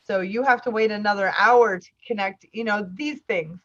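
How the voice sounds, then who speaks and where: A woman's voice: mid-range voice, normal speed, a bit bright, muffled recording. A woman co-hosting a casual podcast, telling a rambling, conversational story. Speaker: podcast co-host.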